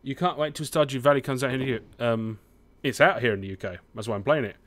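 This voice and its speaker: A man's voice: mid-range voice, fast talker. A young British man from the UK, chatting casually while he plays a farming game, swearing often and humming to himself. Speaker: gaming streamer. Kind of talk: casual let's-play commentary.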